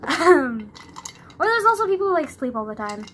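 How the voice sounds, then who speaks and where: A young woman with a high, sing-song, fairly bright voice speaks at normal speed, and slight background noise can be heard. She's vlogging into a phone camera in her bedroom, chatting loosely and ramblingly, laughing often and using "like" in nearly every phrase.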